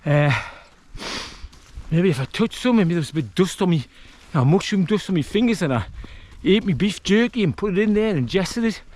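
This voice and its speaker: A man's voice: high voice, lively intonation, fairly quick, darkish tone. A man talking casually to camera while wild camping in a woodland, rambling and self-deprecating. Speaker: vlogger, outdoor camper.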